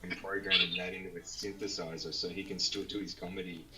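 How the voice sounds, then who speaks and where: A man's voice: low voice, level tone, quick pace, background noise. A man trading crude, laughing banter in a casual livestream chat. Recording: distant and echoey.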